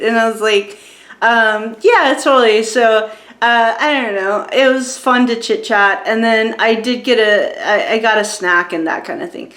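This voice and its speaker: A woman's voice: on the high side, moderate pace, a bit bright. A woman in her forties telling a story in a casual, rambling way, with many fillers and restarts. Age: 40s. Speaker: vlogger reviewing a show. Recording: roomy echo.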